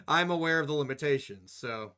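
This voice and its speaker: A young man with a high-leaning, bright voice and a forceful tone live-streams while editing video. He chats casually with viewers, rambling, swearing, joking, and laughing often.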